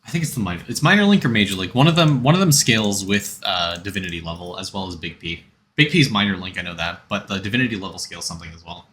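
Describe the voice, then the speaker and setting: A man with a low, bright voice chats casually on a game stream. He rambles and answers chat between tips. Faint room noise sits under his voice. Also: quick pace.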